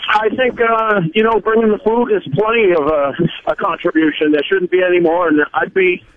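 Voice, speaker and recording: A man's voice: high-pitched, steady tone, normal speed. A man calling a radio show, giving a blunt, plainspoken opinion. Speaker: caller. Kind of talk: call-in radio talk. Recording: tinny phone line.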